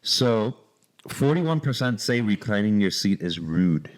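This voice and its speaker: Low-voiced laid-back man. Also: big pitch swings, unhurried. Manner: laid-back, slangy interjections. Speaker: podcast co-host. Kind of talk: casual chat.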